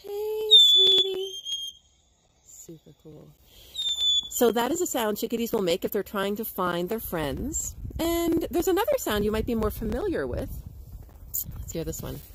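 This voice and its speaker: A woman's voice: on the high side, sing-song, moderate pace, background noise. A woman educator giving a playful livestream nature lesson to schoolchildren. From Canada. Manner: bubbly, playful, imitates bird calls.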